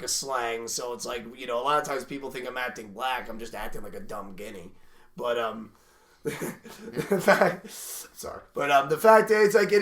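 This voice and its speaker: A young man co-hosting a podcast in casual chat, rambling, often trailing into a low mutter. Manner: rambling, drops to a mutter when musing. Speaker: podcast co-host.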